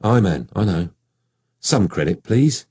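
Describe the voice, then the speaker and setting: A man's voice: sits low, sing-song, a little mellow, husky, no echo, full character voice. A man as a breezy Geordie detective. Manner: cheerful, brisk, breezy. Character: upbeat Newcastle police detective, husband and father.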